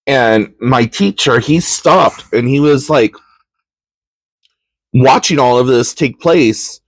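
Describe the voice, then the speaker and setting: A man's voice: medium pitch, takes it slowly, no echo. A man hosting a podcast, telling a personal story in a candid, reflective way with frequent ums and likes. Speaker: podcast host.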